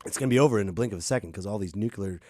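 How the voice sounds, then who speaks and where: A man hosting a comedic rant, swinging between loud outbursts and muttered asides. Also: on the low side, racing, no echo, clean studio sound. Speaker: podcast host.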